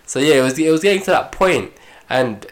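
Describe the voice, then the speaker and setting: A young man, co-hosting a casual chat and telling long, animated, slangy stories. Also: a little high, brisk. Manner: animated, slangy, rambling storyteller. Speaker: podcast co-host.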